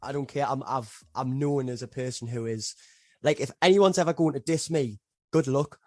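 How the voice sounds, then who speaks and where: A man's voice: mid-range voice, moderate pace. A young man with a Geordie accent, a guest musician in a casual podcast chat, mocking himself and laughing often.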